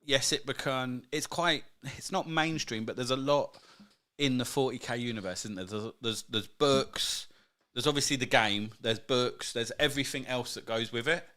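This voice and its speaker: A man co-hosting a podcast in relaxed, joking chat, often calling his friend mate. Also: mid-range voice, moderate pace. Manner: joking, laid-back, says mate a lot. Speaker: podcast co-host. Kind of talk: casual chat.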